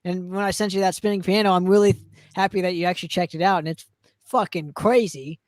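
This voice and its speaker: A man's voice: sits high, fairly even intonation, fast, dry recording. A man co-hosting a podcast, chatting casually and enthusiastically about records, rambling a bit and swearing now and then. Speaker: podcast co-host.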